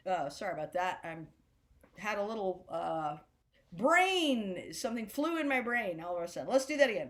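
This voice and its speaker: A woman teaching a drum class, chatting loosely and chanting rhythm words slowly in time. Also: a little high, lively intonation, noisy background. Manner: chatty, rambling explanations. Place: senior center class room.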